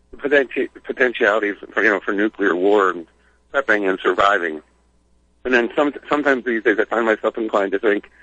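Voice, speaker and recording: Hesitant male caller, bright and muffled. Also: fairly low pitch, no echo. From Philadelphia. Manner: rambling, hesitant, frequent fillers. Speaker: regular caller. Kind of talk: phone-in conversation. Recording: dull phone line on radio.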